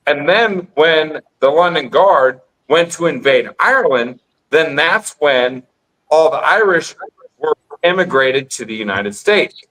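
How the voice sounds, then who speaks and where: A man's voice: a little high, a bit bright, low-quality recording. A man in casual podcast chat, rambling and insistent, repeating himself as he explains. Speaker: guest on call-in podcast.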